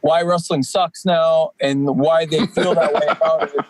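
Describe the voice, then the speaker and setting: A man in his forties, a professional wrestler and podcast guest, talking at length in a rambling, energetic way with many fillers. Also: a little high, a little slow, a little hiss or hum. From Canadian East Coast. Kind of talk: casual podcast chat.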